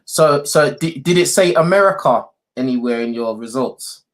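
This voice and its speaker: A man hosting a call-in show, laid-back and full of slang, with drawn-out reactions. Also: mid-range voice, lively intonation. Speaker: host. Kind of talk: casual call-in chat.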